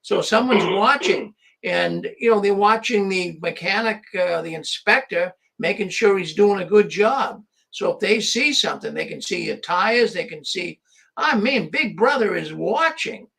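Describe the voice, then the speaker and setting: Man, call-in show host, rambling casual talk, raised pitch, gravelly. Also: lively intonation, measured pace, sharp tone. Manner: rambling, conversational, with restarts.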